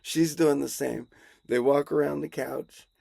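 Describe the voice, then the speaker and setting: A man's voice: mid-range voice, steady tone, measured pace, gravelly, mellow, dry recording, studio quality. A man improvising a comic story in a casual, rambling way, chuckling and correcting himself as he goes.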